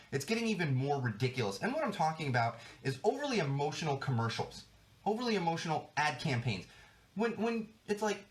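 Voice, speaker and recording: A man hosting a podcast, ranting in an exasperated, emphatic way and swearing often. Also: on the high side. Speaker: podcast host. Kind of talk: solo podcast rant. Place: studio.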